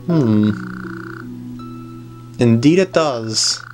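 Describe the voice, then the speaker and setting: A gaming commentator with a very deep, slightly mellow voice gives playful, chatty let's play commentary, drawing out her words expressively. She often talks to the characters on screen while faint game music plays.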